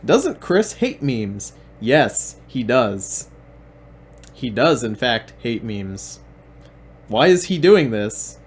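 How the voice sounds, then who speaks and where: A man's voice: mid-range voice, drawn-out words, slight background noise. A man hosting a stream, mocking the videos he plays in a sarcastic, repetitive way. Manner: sarcastic, deadpan, repeats himself. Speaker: stream host and commentator.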